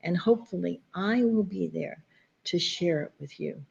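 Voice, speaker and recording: A woman's voice: on the low side, moderate pace, creaky, muffled recording, noisy background. A woman giving a heartfelt, emotional tribute to a friend, her voice catching as she speaks. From New York area. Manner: warm and emotional, voice catching near tears. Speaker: guest speaker, friend of the poet.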